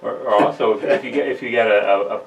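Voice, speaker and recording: A man's voice: fairly low pitch, fairly even intonation, vocal fry, dull audio. A man hosting a casual radio interview who often stops and restarts. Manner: halting, full of restarts. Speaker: radio host. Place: radio studio. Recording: distant mic with faint hiss.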